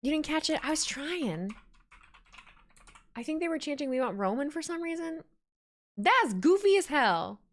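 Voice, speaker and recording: A woman's voice: high-pitched, lively intonation, moderate pace, pauses often. A woman live-streaming her reaction to a wrestling show, chatting casually, laughing often and reading viewer messages aloud.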